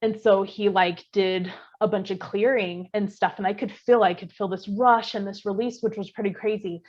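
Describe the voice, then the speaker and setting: Female podcast co-host, mid-pitched, animated casual storyteller, swears freely, slightly muffled lo-fi recording. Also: normal speed. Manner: animated, chatty, swears, lots of fillers.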